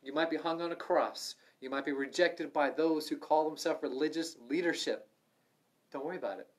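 A middle-aged man leading a livestreamed Bible study, earnest and conversational, swinging from loud urging to soft asides. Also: on the high side, fairly even intonation, normal speed. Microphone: livestream microphone.

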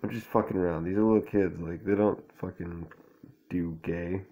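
A man's voice: low voice, steady tone, normal speed, warm tone. Laid-back man with crude asides. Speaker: reader of a children's book. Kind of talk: stoned commentary over a storybook reading.

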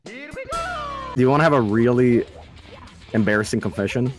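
A man's voice: medium pitch, moderate pace, over music. A man chatting casually on a stream and telling funny stories, swearing and laughing as he goes. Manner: animated, swears, laughs a lot. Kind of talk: casual chat, storytelling.

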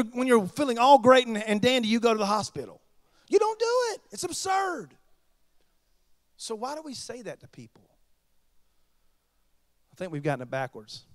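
A pastor preaching a sermon, chatty and joking with the congregation. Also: male voice, high voice, no room sound.

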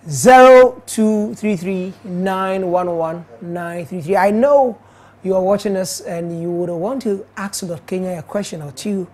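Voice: medium pitch, measured pace, a little mellow. A host with a Ghanaian accent giving a phone number and reading out viewer messages on a call-in show.

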